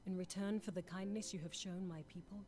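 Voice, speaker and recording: An actress voicing a mysterious, reserved foreign woman warrior in a game cutscene, grave and measured. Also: fairly low pitch, fairly even intonation, close to an everyday voice. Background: game music.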